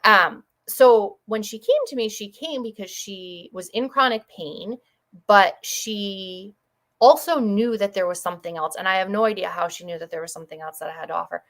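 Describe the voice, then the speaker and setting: A woman from Connecticut, a chiropractor talking as a guest on a broadcast, tells patient stories in a quick, chatty, effusive way. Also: mid-range voice, a bit bright. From Connecticut, USA. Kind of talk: casual storytelling on a broadcast.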